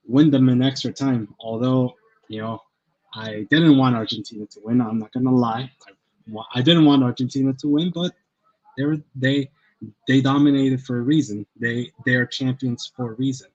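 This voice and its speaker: A man arguing his side in a casual online football debate, animated and full of restarts. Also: medium pitch, moderate pace, dull audio. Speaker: panelist.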